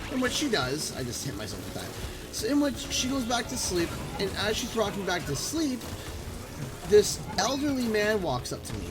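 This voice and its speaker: A young Canadian man live-streaming, telling a rambling, animated anecdote full of restarts. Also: sits high, normal speed. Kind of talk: casual live-stream storytelling. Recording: game music playing underneath. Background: game music.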